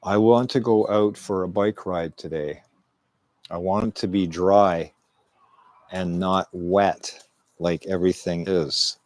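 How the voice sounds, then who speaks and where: A middle-aged man streams from his home into a desk microphone. His voice sits low and his delivery is slow and drawn out. He rambles and repeats himself, restarting his words over and over. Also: steady tone, darkish tone. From Canada. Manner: rambling and repetitive, with frequent restarts and fillers. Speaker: live streamer. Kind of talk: casual rambling stream monologue. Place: at home indoors.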